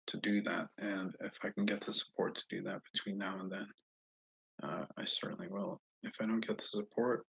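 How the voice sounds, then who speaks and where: A man talking casually to viewers about himself, in a halting, rambling way with frequent restarts. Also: lowish voice, creaky, fairly bright tone, husky, low-quality recording. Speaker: self-styled presidential hopeful. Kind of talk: casual monologue to camera.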